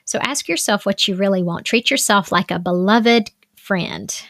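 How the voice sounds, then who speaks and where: A woman's voice: medium pitch, normal speed, fairly bright tone, no room sound. Chatty woman life coach, dry sound. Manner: chatty, frequent "like" fillers. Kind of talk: casual self-help advice talk.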